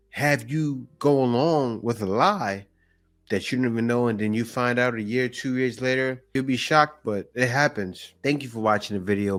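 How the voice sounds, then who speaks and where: Guy reacting to a clip, casual chat to his viewers. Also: medium pitch. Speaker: reaction channel host.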